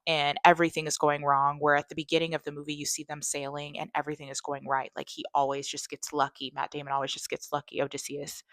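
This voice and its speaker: A woman with a low voice talks through a film's plot in a loose, rambling way. She is full of "like" and restarts, and her pitch shoots up when she gets excited. The sound is dry and close. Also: dry recording. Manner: animated, voice jumping up when excited. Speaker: movie reviewer. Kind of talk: casual movie recap.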